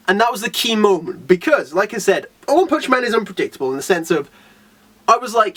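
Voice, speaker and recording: A man talks through a manga chapter in a loose, rambling review, peppering it with "like" and little acted-out quotes. His voice sits high for a man and jumps around a lot in pitch. He sounds a bit back from the mic. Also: very animated, fast talker, a bit bright, far from the mic.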